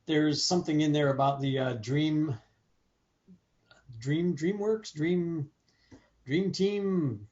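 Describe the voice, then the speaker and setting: A man's voice: a little high, takes it slowly, long pauses, darkish tone. A man co-hosting a casual movie review chat, joking and laughing often. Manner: jokey, laughs often, does silly voices. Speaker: podcast co-host. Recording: dull lo-fi audio.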